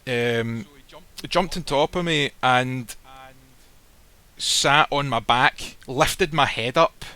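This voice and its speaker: Bright-voiced man telling a blunt story. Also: mid-range voice, takes it slowly, smooth. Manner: blunt, swears freely, acts out quoted lines. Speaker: guest telling a personal story. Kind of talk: casual storytelling. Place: live stream recording.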